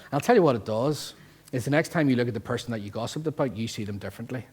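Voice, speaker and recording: A man with a Northern Irish accent preaching a sermon as pastor, lively and jokey, full of rhetorical questions. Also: medium pitch, racing. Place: church.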